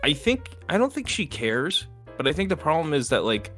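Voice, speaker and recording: A young man co-hosting a podcast, chatting casually and retelling scenes with quick impressions. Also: a little high, very animated, a bit bright, soft background music. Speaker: podcast co-host. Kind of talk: casual chat.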